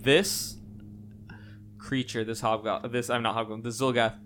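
A man running a tabletop role-playing game as game master, narrating combat in a relaxed way and often laughing with his players. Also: medium pitch, moderate pace, slight background noise.

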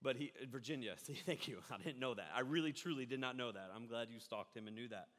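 A man preaching a sermon, rambling and animated, often breaking off mid-thought. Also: mid-range voice, fast. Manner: rambling, animated, self-interrupting. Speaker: pastor. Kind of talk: live-streamed sermon. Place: church hall. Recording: echoey hall reverb.

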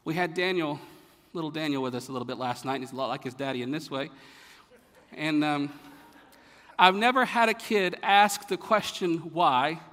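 Guy preaching a sermon, kinda high voice, big echoey church hall, lots of who-says questions. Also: normal speed. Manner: rhetorical questions, rising to emphatic peaks then dropping quiet. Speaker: pastor. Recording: long hall reverb.

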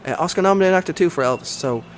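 A man's voice: on the high side, expressive, very fast, a little hiss or hum. A man hosting a casual movie chat, enthusiastic and rambling with lots of fillers.

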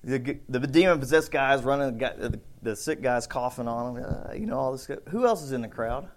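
A man preaching a casual, conversational sermon, acting out bits of the story with shouts and voices. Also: medium pitch, lively intonation, a little fast. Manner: conversational, thinks aloud with restarts. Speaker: pastor.

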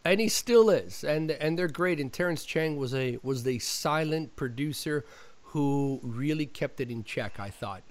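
Animated male storyteller, slightly high voice. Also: a little slow. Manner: animated storyteller, acts out dialogue. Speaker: actor telling a story. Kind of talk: casual chat.

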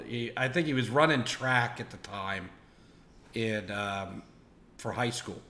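A man's voice: medium pitch, steady tone, slow pace, pushed and bright. Playful man with roomy echo. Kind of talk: casual chat.

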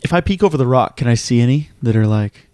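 A man's voice: mid-range voice, expressive, quick pace, a little mellow, clean tone. A man playing a tabletop game, hesitant and playful. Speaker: player. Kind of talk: casual tabletop play.

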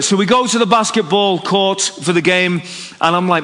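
A man's voice: fairly high pitch, a little fast. A man preaching an evangelistic sermon, telling a story and acting out its dialogue. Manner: animated, story-driven, acts out dialogue. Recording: long hall reverb.

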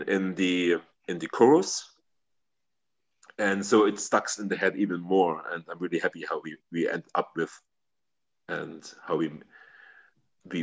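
Man, lowish voice, halting, searches for words, interview guest. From Germany. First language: German. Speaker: guest, metal band member. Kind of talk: casual interview answers.

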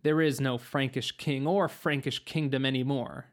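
A reader doing a flustered young heir. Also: female voice, very deep voice, fairly even intonation, moderate pace. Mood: defensive. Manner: flustered and defensive. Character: defensive young male heir in hiding.

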